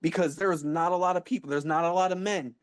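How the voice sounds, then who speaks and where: A man's voice: high-pitched, steady tone, fast, clean tone, dry recording. A man in his thirties speaking emotionally in a live online audio room. He is blunt and profane, and he stresses points by repeating words and restarting sentences. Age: 30s. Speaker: guest speaker.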